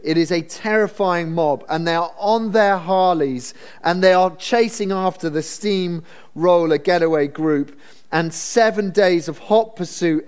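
A man's voice: fairly high pitch, darkish tone. A man preaching a Bible sermon in a conversational, humorous storytelling manner. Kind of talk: expository sermon.

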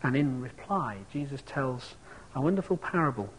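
A man's voice: mid-range voice, animated, moderate pace, a little hiss or hum, poor audio. A man preaching a sermon, reflective and asking his listeners rhetorical questions.

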